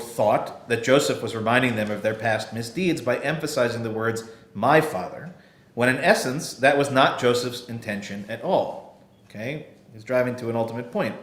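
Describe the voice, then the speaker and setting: A man giving a sermon as a rabbi, explaining a scripture text and often checking in with his listeners with "okay" and "right.". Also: mid-range voice. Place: synagogue sanctuary. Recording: echoey room.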